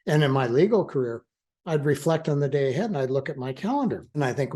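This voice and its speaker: A man's voice: mid-range voice, expressive, warm tone. Earnest older man sharing thoughtfully. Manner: halting, with frequent restarts and fillers; earnest, laughs easily. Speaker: guest, attorney in recovery. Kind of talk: reflective conversational interview.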